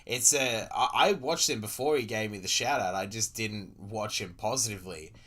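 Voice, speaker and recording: A man's voice: lowish voice, normal speed, sharp tone. A young Australian man streaming, ranting casually and profanely with sarcastic asides while reacting to a video.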